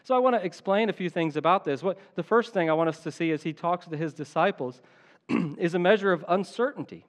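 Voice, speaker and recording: A man's voice: high voice, long reverb tail. Earnest man preaching a sermon. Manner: earnest, emphatic, stretches key phrases slowly. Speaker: pastor.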